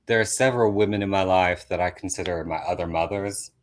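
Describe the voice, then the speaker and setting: A man, a comedian guest on a podcast, telling a story in an animated way that builds to loud bursts. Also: deep voice, fairly quick.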